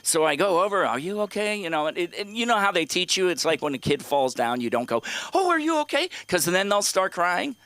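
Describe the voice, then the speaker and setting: A man's voice: high voice, a little fast, hardly any pauses, a bit bright, no room sound. A middle-aged man doing open-mic stand-up on a comedy club stage, rambling, profane and talking straight to the crowd.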